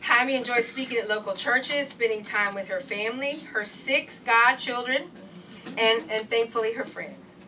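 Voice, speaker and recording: A woman presenting at a community event, reading a guest's introduction in a formal, measured way. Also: a little high, bright, forceful tone, slight background noise. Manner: formal, measured list-like delivery. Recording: distant mic in a room.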